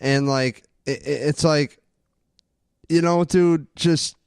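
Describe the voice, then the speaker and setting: Guy ranting about football on a podcast, swears nonstop, smooth clear voice, dry close mic. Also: a little high, slow pace, no room sound. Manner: profane, ranting, animated. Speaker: podcast co-host. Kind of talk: casual sports chat.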